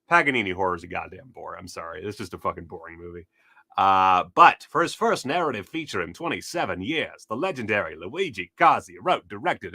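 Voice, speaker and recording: A man giving rambling, excitable, profane commentary as he browses film releases, often losing his train of thought. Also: on the low side, no room sound, clean studio sound. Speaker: cult film video host. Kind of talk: casual unscripted browsing commentary.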